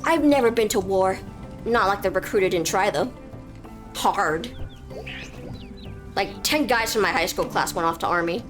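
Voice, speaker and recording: A woman's voice: medium pitch, normal speed, pauses often. A young woman streaming a game, joking and rambling casually to her viewers. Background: soft game music.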